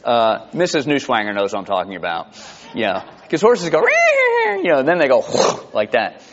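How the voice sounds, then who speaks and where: A man preaching a sermon in a church, conversational and animated, with asides and chuckles. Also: medium pitch, moderate pace, in a large hall, muffled recording. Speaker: pastor. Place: church sanctuary.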